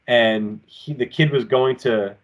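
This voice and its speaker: A male pro wrestler talking from his apartment over a remote call, mid-pitched and ordinary in tone. He tells his stories loosely and with energy, jumping between his own lines and the voices of the people in them. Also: slow pace. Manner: rambling and animated, acting out quotes. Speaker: professional wrestler, podcast guest. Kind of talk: casual storytelling in an interview. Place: home apartment with collectibles shelves.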